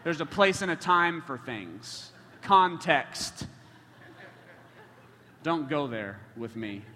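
Preacher, male, higher bright voice, lively and joking with the crowd, heard in a hall. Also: slow, slight background noise. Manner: animated, joking with the congregation. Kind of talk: sermon storytelling. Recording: long hall reverb.

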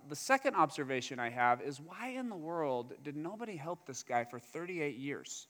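A man's voice: on the high side, normal speed. A man preaching a sermon, telling the story with humor and acting out the characters' lines. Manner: animated, humorous storytelling with acted-out quotes. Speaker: pastor. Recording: long hall reverb.

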